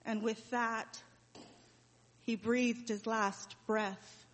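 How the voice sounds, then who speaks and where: A woman's voice: on the high side, flat delivery, a bit bright, full character voice. Mary, a grieving mother, as a woman plays her. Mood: sorrowful. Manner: slow, heavy pauses, emotional recollection. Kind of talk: dramatic monologue. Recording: reverberant hall.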